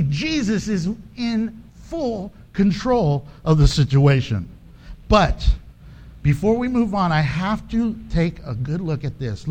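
A man's voice: high-pitched, slight background noise. A man preaching a sermon, telling stories with joking asides and acting out the voices of the people in them. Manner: animated storytelling, acts out voices, joking asides. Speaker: pastor.

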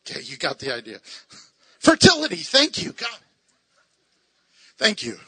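A man teaching a Bible passage in a lively, excitable way, laughing often and acting out the voices he quotes. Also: sits high, unhurried, husky, no echo. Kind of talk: animated Bible study teaching.

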